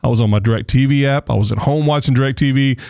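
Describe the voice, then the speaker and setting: A man's voice: medium pitch, brisk, vocal fry, a little mellow, clear, resonant tone, no room sound, clean studio sound. A man co-hosting a casual sports podcast, joking and rambling as he talks. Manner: joking, rambling, mimics commentators. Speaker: podcast co-host.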